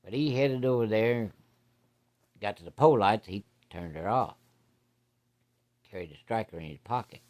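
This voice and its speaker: A man's voice: on the low side, moderate pace, long pauses, darkish tone. Folksy, salty male storyteller. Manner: folksy, salty, uses profanity. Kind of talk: casual spoken storytelling.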